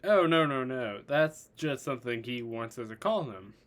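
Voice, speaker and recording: A man voicing a big, calm, self-assured male warrior in a read-aloud fan story. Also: medium pitch, moderate pace, lightly acted.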